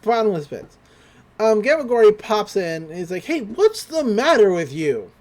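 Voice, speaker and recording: A man's voice: high voice, very animated, normal speed, a little mellow. A young man on a podcast, casually recapping an anime episode with loose paraphrased quotes and lots of fillers. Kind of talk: casual chat.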